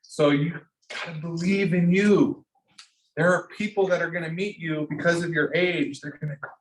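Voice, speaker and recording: A man teaching an entrepreneurship class, coaching students in an energetic way and often restarting his phrases. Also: on the high side, normal speed, far from the mic. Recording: echoey room, speaker off-mic, faint noise.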